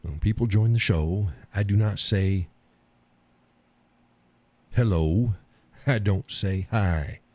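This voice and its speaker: A man's voice: lowish voice, slow pace, long pauses, mellow, no room sound. A man hosting a casual live stream, joking in a folksy way, reading viewers' comments aloud and laughing often.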